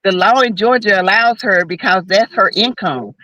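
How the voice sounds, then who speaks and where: Blunt bright woman on a dry mic. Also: mid-range voice, normal speed, dry recording, rough recording. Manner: blunt, emphatic opinions. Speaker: panelist. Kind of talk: casual chat.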